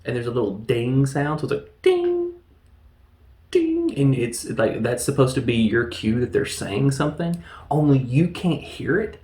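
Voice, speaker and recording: A man's voice: medium pitch, normal speed, darkish tone. Guy rambling thru a movie recap, jokey, kinda echoey room. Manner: rambling, joking, laughs at the film. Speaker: film reviewer.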